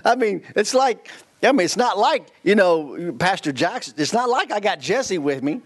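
A man's voice: high-pitched, lively intonation, normal speed. A man in his fifties, a guest preacher telling a story in a sermon, laughing often and restarting his sentences. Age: 50s.

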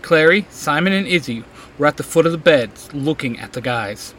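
A man's voice: on the high side, lively intonation, normal speed, a bit bright, slight background noise, low-quality recording. A man narrating a fan fiction story aloud, reading steadily and acting out the dialogue. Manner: reads steadily, acts out the dialogue.

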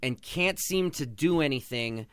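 A man's voice: mid-range voice, lively intonation, unhurried, a bit bright, smooth, dry recording. A man hosting a podcast, giving passionate, sarcastic sports commentary. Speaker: podcast host.

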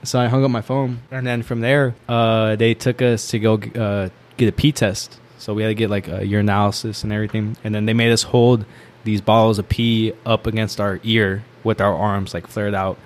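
A man's voice: lowish voice, little pitch movement, moderate pace. A young man casually telling a rambling, filler-heavy story as a podcast guest, often laughing as he talks.

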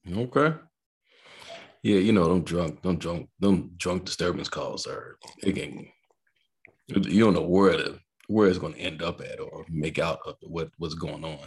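A low, husky male voice carries this casual podcast chat. He's a police officer swapping stories with his co-hosts, animated and quick to act out what people said. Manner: animated storyteller, acts out quotes with laughter.

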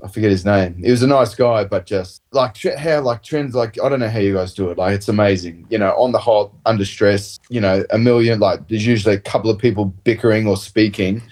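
A man's voice: fairly low pitch, a little mellow. A man, talking as a rugby player guest in a casual, rambling chat full of "mate" and "like". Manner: rambling, laid-back storytelling full of "mate" and "like".

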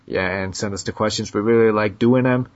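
A man's voice: fairly low pitch, fairly even intonation, fairly quick, lo-fi sound. An American man hosting a podcast, reading listener questions aloud in a blunt, joking manner and laughing often. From United States. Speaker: podcast host.

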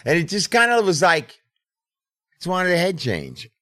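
A man's voice: high-pitched, huge pitch swings, normal speed, pushed and bright, no room sound. A middle-aged man telling a story in casual podcast chat, laid-back and profane. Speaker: podcast host.

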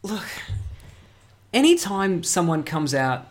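A man trading crude, deadpan jokes in a relaxed podcast chat. His voice sits a bit high and swings widely up and down as he mimics people, though his punchlines land flat and dry. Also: takes it slowly. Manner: crude, sardonic jokes delivered flatly. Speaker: podcast co-host. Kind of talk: casual chat.

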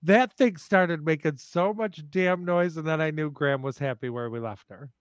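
A man hosting a podcast, telling family stories in a casual, animated, profane way. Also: fairly high pitch, moderate pace, smooth, dry recording. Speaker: podcast host. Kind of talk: casual storytelling.

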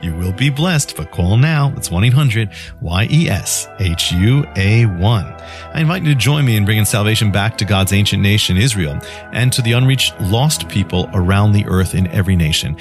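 A male radio preacher delivering a scripted devotional, storytelling and then pitching free offers emphatically. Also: lively intonation, moderate pace, faint music behind.

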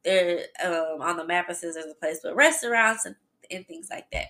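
A woman hosting a podcast, telling a personal story in a chatty, animated way and talking straight to her listeners. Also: lowish voice, moderate pace. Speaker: podcast host. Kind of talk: casual storytelling.

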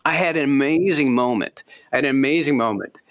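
A man, an author being interviewed, telling stories in a lively, self-deprecating way and laughing often. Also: medium pitch, brisk. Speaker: author guest. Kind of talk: casual interview chat.

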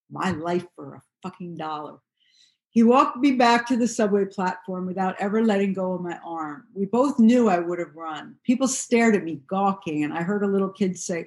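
A woman reads a first-person memoir aloud, her voice sitting in a middle pitch. She tells it in a steady, measured way, unhurried and even. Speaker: narrator.

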